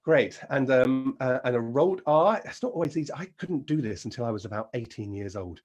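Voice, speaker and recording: A man with an English accent leading an encouraging vocal warm-up lesson as a singing teacher. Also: medium pitch, animated, quick pace, husky. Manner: encouraging, demonstrates sounds and sings.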